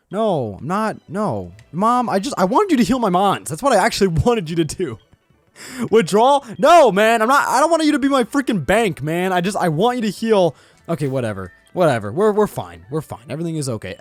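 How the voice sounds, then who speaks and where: A man giving casual, joking commentary while playing a video game, excitable and quick to laugh. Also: high-pitched, no room sound, soft background music. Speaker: gaming channel host.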